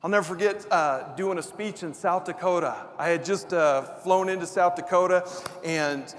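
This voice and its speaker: A man's voice: high-pitched, normal speed. A male motivational speaker telling a self-deprecating comic story in a live keynote on stage before an audience. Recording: reverberant hall, faint ambience.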